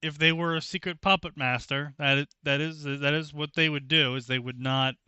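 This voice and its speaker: A man's voice: a little high, steady tone, normal speed, sharp tone, clean tone, no echo. A man co-hosting a stream, reading fanfiction aloud and making dry sarcastic asides. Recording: dry, dull lo-fi mic.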